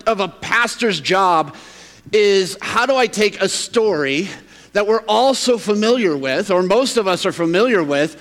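A man's voice: high-pitched, a bit bright, big-room sound. A male pastor preaching a sermon, reading Scripture and then talking to the congregation in a conversational way, asking them questions. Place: church sanctuary.

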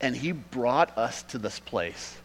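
A man preaching a sermon as pastor, swinging from loud emphatic peaks to quiet asides. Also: medium pitch, expressive, takes it slowly, big-room sound, a little hiss or hum, poor audio.

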